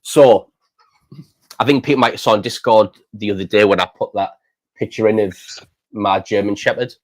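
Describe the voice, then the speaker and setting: Casting: man in his thirties, lowish voice, rambling casual storyteller. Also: normal speed. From England. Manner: rambling, repeats words, says "mate" often. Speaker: channel host.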